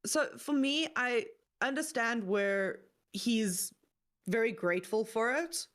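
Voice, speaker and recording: A woman's voice: on the high side, takes it slowly, fairly bright tone. A woman co-hosting a casual livestream chat, earnest and a little nervous, sometimes stumbling over words.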